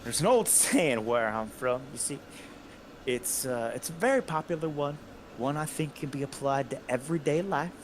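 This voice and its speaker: A man voicing a smooth human male sorcerer in a tabletop game, folksy and quietly threatening. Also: medium pitch, expressive, moderate pace, slight background noise, voice pushed up, close to an everyday voice. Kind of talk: tabletop game role-play.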